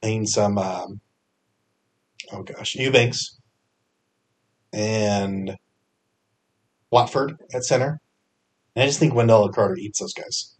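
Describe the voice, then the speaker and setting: A man hosting a fantasy sports podcast, talking through his picks in a casual, energetic way, full of fillers and self-corrections. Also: fairly low pitch, slow, long pauses.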